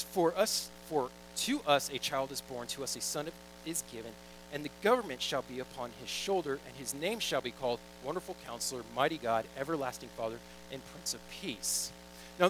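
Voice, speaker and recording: A man's voice: medium pitch, a bit bright, slight background noise, low-quality recording. A young man preaching a sermon in a casual, joking, storytelling way, reading scripture and acting out little quoted asides. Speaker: pastor.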